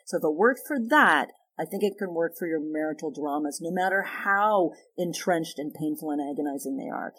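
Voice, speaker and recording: A woman therapist as a podcast guest, explaining ideas through animated stories and acted-out dialogue. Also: sits low, moderate pace, hardly any pauses, slightly rough. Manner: animated storyteller, acts out quoted dialogue. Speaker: guest sex therapist and psychologist. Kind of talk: conversational podcast interview.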